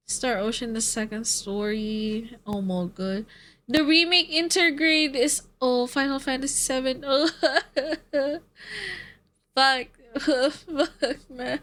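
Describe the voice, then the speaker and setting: Woman streamer, high voice, slow easy delivery, casual and loose with swearing. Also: a bit bright. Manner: chatty, swears and laughs often, reads out chat. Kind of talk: casual stream chat with viewers.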